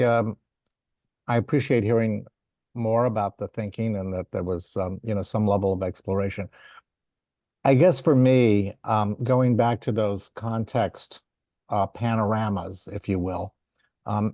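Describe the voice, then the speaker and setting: Halting man with a lowish voice. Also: fairly even intonation, mellow, no echo, studio quality. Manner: halting, many fillers and restarts. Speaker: design commissioner. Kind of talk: public meeting discussion.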